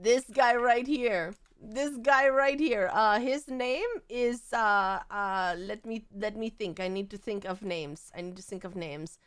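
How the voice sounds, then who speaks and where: A woman streamer chatting excitedly with her audience. She gushes, laughs often, and repeats herself. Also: medium pitch, unhurried, few pauses, clear, resonant tone, no echo. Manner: gushing and animated, with frequent laughs and repetition. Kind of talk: excitable casual stream chat.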